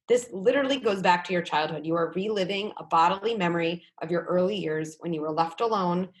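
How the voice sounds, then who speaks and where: A woman psychologist speaking as a guest in a conversational podcast interview, animated and often acting out quoted thoughts. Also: lowish voice, fairly quick. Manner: animated, acts out quoted thoughts in little voices.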